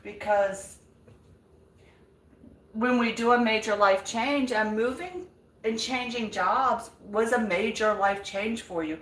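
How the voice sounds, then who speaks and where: A woman's voice: a little high, takes it slowly, fairly bright tone, recorded from a distance. An older woman hosting a live vlog, chatting and encouraging viewers as she cooks in her home kitchen. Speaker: vlog host. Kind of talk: live chat while cooking. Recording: echoey room, away from mic.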